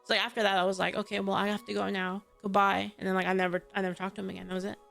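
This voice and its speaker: A woman with a middle-pitched voice tells a long story on stream. She rambles, piling up fillers and swearing freely. Faint music plays beneath her. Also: little pitch movement, very fast, gravelly, a bit bright.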